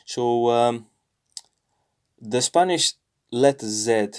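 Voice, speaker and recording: A man with a British accent walks through a language lesson out loud, thinking as he goes, pausing often and correcting himself. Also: medium pitch, clear, resonant tone. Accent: British English. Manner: thinking aloud, explains patiently with many pauses and self-corrections. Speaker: language learner sharing lessons. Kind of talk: screen-recorded lesson walkthrough.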